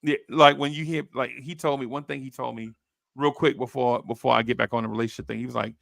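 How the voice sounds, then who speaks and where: A man on a podcast, casually telling a story in animated, slangy talk and acting out what others said. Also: medium pitch, fast, creaky, dry recording, studio quality. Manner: animated, slangy storyteller who acts out quoted voices. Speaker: podcast host.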